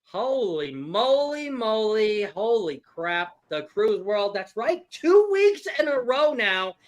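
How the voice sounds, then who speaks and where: A man's voice: sits high, big pitch swings, takes it slowly. A man hosting a casual live-stream game show, laughing often and reading viewer chat aloud.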